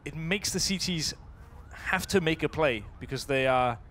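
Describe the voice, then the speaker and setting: A man's voice: fairly high pitch, expressive, normal speed, a bit bright, a little hiss or hum. Chatty man commenting a live esports match. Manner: chatty, laughs easily, thinks aloud mid-sentence.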